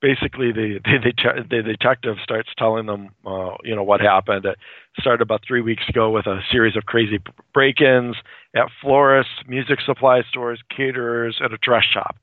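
A man's voice: medium pitch, steady tone, moderate pace, no room sound. A man casually recapping a comic book, rambling, with many fillers and restarts, heard over a phone-like line. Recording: dry tinny phone-like line.

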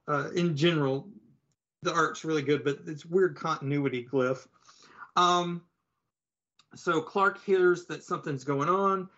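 A man's voice: fairly high pitch, measured pace, long pauses, fairly bright tone. A man co-hosting a podcast, casually retelling a comic book plot with lots of fillers and asides. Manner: rambling, filler-heavy storytelling. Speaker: podcast co-host. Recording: slightly dull lo-fi audio.

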